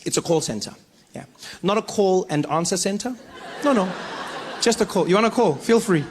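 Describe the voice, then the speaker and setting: A man with a South African accent doing stand-up comedy, telling stories in a playful, animated way. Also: high voice, brisk, some chatter behind, a little hiss or hum. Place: comedy stage.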